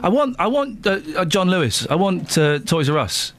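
A man's voice: sits high, very animated, normal speed, fairly bright tone. A man hosting a live radio phone-in, chatty and jokey, who stumbles over his words now and then. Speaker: radio host.

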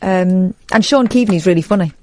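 A woman co-hosting a late-night radio chat, telling stories in an animated way. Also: lowish voice, fairly quick, slight background noise. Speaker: radio co-host.

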